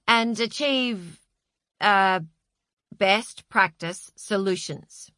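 A woman's voice: medium pitch, very slow, fairly bright tone, dry recording. A woman voicing a confident woman who speaks in assertive corporate jargon. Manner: poised, assertive, jargon-heavy.

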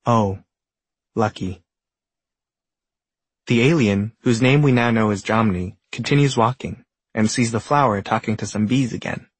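A man narrating a whimsical story in a gentle, deadpan storybook manner, with a husky voice. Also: medium pitch, normal speed, hardly any pauses, no echo. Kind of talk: scripted narration.

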